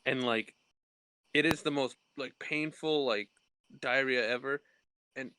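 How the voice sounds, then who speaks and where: A man's voice: mid-range voice, unhurried, bright, forceful tone, slight background noise. A man co-hosting a podcast in casual chat, laughing a lot and swearing freely. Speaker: podcast co-host.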